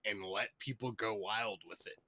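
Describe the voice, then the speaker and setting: A young man co-hosting a casual comedy podcast, laughing, swearing and reacting loudly. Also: on the low side, fairly even intonation, normal speed. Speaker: podcast co-host.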